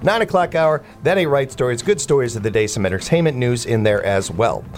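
A man's voice: mid-range voice, lively intonation, fairly quick. Middle-aged guy hosting morning radio, chatty, laughs a lot. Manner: chatty, laughs often, stumbles and restarts. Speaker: radio morning show host. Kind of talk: casual morning radio chat. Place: radio studio.

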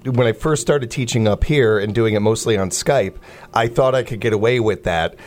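A middle-aged man hosting a casual morning radio show in a studio, chatty and quick to laugh. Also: lowish voice. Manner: chatty, laughs often, stumbles and restarts.

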